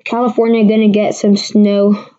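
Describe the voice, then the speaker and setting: Woman, casual livestream weather talk, rambling and restarting, dark mellow tone, muffled lo-fi sound. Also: medium pitch, little pitch movement, moderate pace. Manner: rambling, many restarts, answers chat viewers. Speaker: amateur weather forecaster host. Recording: dull lo-fi stream audio.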